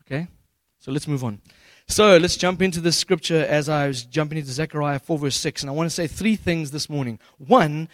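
A man preaching a sermon as pastor, retelling scripture in a relaxed, humorous way with slangy paraphrases. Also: on the high side, fairly quick, hardly any pauses, no room sound.

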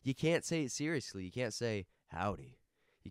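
A man's voice: fairly low pitch, very animated, normal speed, clear, resonant tone, no room sound, clean studio sound. A young man co-hosting a podcast in easygoing, jokey casual chat. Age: young adult. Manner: easygoing, jokey, rates things out loud. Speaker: podcast co-host.

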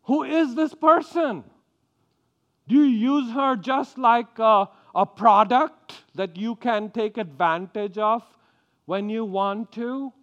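A man's voice: high-pitched, a bit bright. A man from India preaching a sermon, acting out quotes and often stumbling over and repeating his words.

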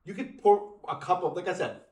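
A man's voice: high voice, fairly quick, reverberant. A man hosting a podcast, chatting casually, with joking asides and swearing. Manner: animated, swearing, jokey. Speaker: podcast host.

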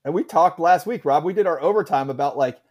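A man with a slightly higher voice, talking casually about college football. He rambles, circles back with "like" and restarts, and laughs along as he goes. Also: quick pace, a little mellow. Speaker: podcast co-host. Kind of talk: casual sports chat.

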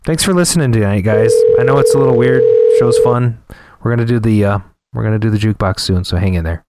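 A man's voice: lowish voice, fast talker, very noisy. A man co-hosting a podcast in casual chat, laughing often and joking around. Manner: laughs often, runs the soundboard jokes. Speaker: podcast co-host.

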